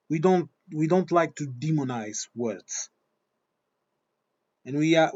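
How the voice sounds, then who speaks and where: A man's voice: on the high side, a little mellow. Blunt, swearing man on a dull recording. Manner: blunt, swearing, repeats himself. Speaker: vlogger. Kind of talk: opinion monologue.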